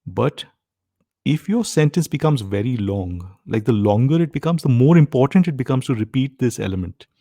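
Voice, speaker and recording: A man's voice: medium pitch, animated, moderate pace, warm tone, dry recording, clean studio sound. A man teaching a live online grammar lesson, often stopping to ask whether his students are following. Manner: frequent comprehension checks, asks "right?" often. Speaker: test-prep instructor.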